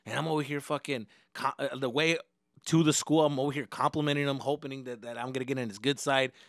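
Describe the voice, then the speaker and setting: A young man hosting a podcast, telling a story in a casual, animated and profane way. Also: mid-range voice, fast talker, no room sound, studio quality. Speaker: podcast host.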